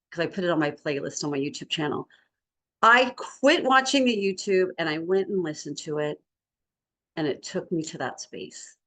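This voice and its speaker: A woman's voice: medium pitch, a bit bright. A middle-aged woman in a casual spiritual group talk, sharing a personal story in an earnest, rambling way. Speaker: group discussion participant.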